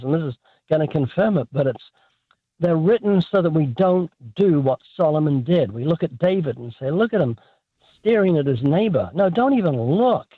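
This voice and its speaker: A man with a New Zealand accent, a guest author telling lively, joking stories in a radio interview over the phone. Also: on the high side, husky, no echo. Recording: tinny phone line.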